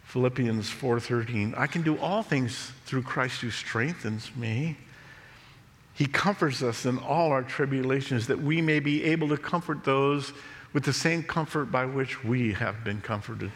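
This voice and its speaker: A pastor preaching a sermon, telling a story in a slow, measured way. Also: male voice, mid-range voice. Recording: long reverb of a large hall.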